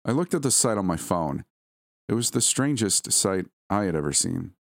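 Brief: man, very low voice, lively storytelling narration, dry close-mic sound. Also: normal speed, creaky, no echo. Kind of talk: first-person story narration.

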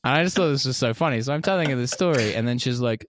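A man's voice: medium pitch, fast talker, a little hiss or hum. An English man chatting casually on a podcast, telling profane stories and acting out the quotes. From England. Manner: profane, animated storytelling with voiced quotes.

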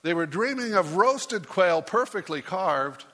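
Man, pastor, playful rhyming storytelling sermon, slightly high voice, echoing hall. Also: lively intonation, measured pace, fairly bright tone. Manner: playful storyteller who puts on voices for the characters.

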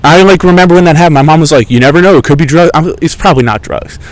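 A man's voice: fairly high pitch, racing, rough recording. Young man, podcast host, casual chat, profane, sarcastic, rambling. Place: outdoors in a park.

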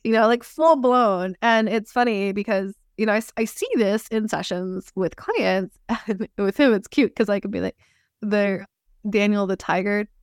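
A woman's voice: medium pitch, steady tone, normal speed, clean tone, no echo, clean studio sound. Laughing, reflective woman guest. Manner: reflective, laughs often, many restarts. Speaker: somatic experiencing practitioner, guest. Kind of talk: casual podcast conversation.

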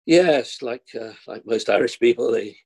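An older man from London, an actor, telling rambling, self-deprecating stories in a relaxed interview. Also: mid-range voice, moderate pace, breathy edge, poor audio. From London, England. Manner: rambling, self-deprecating storyteller with short laughs. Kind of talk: relaxed anecdotal conversation.

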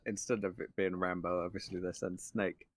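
A man co-hosting a casual film review podcast, animated and quick to laugh. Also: low voice. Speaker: podcast co-host.

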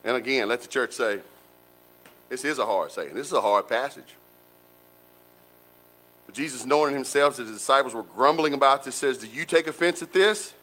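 A man preaching a sermon in a folksy, animated way, with colloquial asides to the congregation. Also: mid-range voice, normal speed, pauses often, poor audio. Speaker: pastor.

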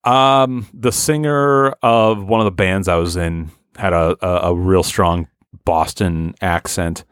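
A man's voice: low-pitched, fairly even intonation, slow pace, a bit bright, clear, resonant tone, no room sound, studio quality. A man hosting a podcast in casual chat, rambling and swearing freely. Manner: rambling, frequent swearing and fillers. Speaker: podcast host.

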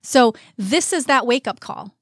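A woman's voice: fairly high pitch, animated, a little slow, no room sound, studio quality. A woman co-hosting a casual parenting chat, candid and confiding, talking straight to her listeners. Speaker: podcast co-host.

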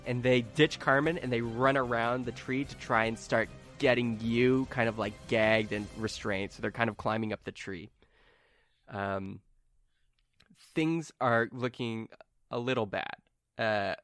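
A man's voice: mid-range voice, no echo. A man running a tabletop game, narrating scenes and rolling dice with lots of fillers and frequent laughter. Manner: lively, giggly, filler-heavy. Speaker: game master.

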